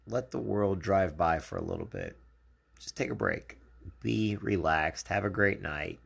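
A man speaks in a casual live video message, his voice sitting very low and rough with a gravelly fry. He talks earnestly to his viewers, offering encouragement and comfort in a plain, personal way. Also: fairly bright tone. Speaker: channel host.

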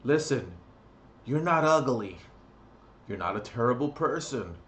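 A man rants straight at his viewers in a blunt, mocking monologue. His talk is crude and heavy with profanity. His voice sits at a middle pitch. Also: animated, measured pace, fairly bright tone. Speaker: vlogger. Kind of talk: ranting vlog monologue.

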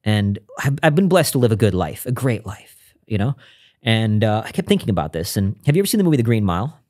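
A man's voice: fairly low pitch, sing-song, fast, darkish tone. A man speaking as a podcast guest, telling a personal story in an earnest, reflective way with frequent restarts.

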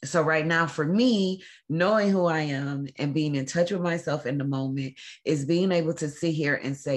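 A woman hosting a faith-based talk to camera, speaking earnestly and haltingly, often pausing with "um" as she holds back tears. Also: deep voice. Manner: earnest, emotional, halting with frequent ums. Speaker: show host.

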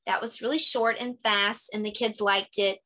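Bright-voiced woman teacher sharing lesson ideas. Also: mid-range voice, steady tone. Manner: chatty, explanatory, sounds out words slowly. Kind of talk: casual lesson-idea walkthrough.

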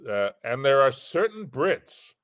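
An older American man, a guest in a casual chat, talking in an unhurried, halting way with many restarts. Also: mid-range voice, big pitch swings, a bit bright, no room sound, dull audio.

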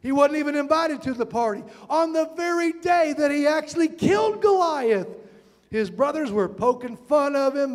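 A male pastor preaching a sermon, building from calm storytelling to shouted, impassioned passages. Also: very high voice. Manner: preaching with rising shouted passages and dramatic quotes. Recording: reverberant church hall.

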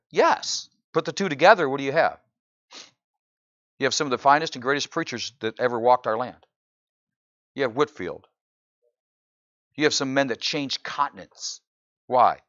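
A pastor preaching a sermon in church, often asking the congregation "right?" and building to loud, incredulous exclamations. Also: male voice, medium pitch, no echo, muffled recording. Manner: animated preaching, frequent "right?" asides to the congregation.

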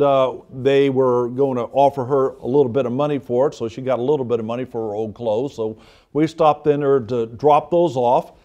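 Male pastor, middle-aged, high tenor, fervent and indignant sermon delivery. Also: darkish tone. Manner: fervent preaching, rising to indignant emphasis.

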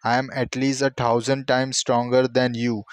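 A man reading the lines of a proud, angry male lion in a storybook tale in a steady, plain voice. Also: mid-range voice, normal speed, smooth, no echo, natural voice.

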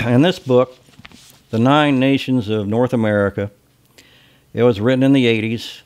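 A man's voice: mid-range voice, steady tone, normal speed, darkish tone. A man from Ohio with a slight Southern drawl, giving a casual lecture on sales in a blunt, folksy, salty way. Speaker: sales trainer.

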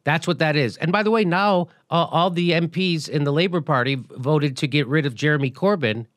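A middle-aged male host delivers political commentary with blunt, profane emphasis. His voice sits a little higher than most men's and is very animated. It sounds dry and close, with no room echo. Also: brisk. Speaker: show host.

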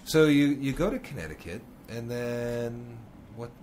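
A man's voice: mid-range voice, lively intonation, unhurried, a little mellow, slight background noise. A man from Minnesota hosting a casual interview, easygoing, asking short follow-up questions. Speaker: podcast host.

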